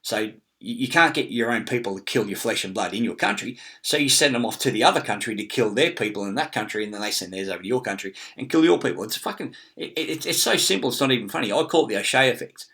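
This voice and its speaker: A man's voice: on the low side, expressive, quick pace, few pauses, a bit bright. A middle-aged man, rambling in a casual monologue with many fillers, restarts and frequent swearing. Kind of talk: casual screen-share monologue.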